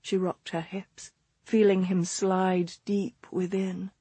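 A woman narrating a romance audiobook in a soft, slow, intimate read. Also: on the low side, level tone, husky, dry recording.

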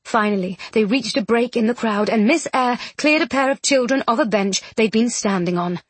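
A woman narrating a novel in an expressive, dramatic audiobook reading. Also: fairly high pitch, moderate pace, husky, no room sound.

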